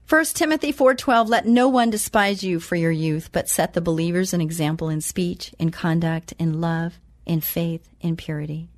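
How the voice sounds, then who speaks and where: A woman's voice: on the low side, moderate pace, hardly any pauses, no echo, studio quality. Earnest woman hosting Christian radio talk. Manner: earnest, emphatic, chatty asides. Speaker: Christian talk show host.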